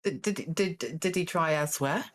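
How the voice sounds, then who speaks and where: A woman hosting a charity live stream in casual banter, often halting and repeating words as she thinks. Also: deep voice. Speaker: host of a charity stream event.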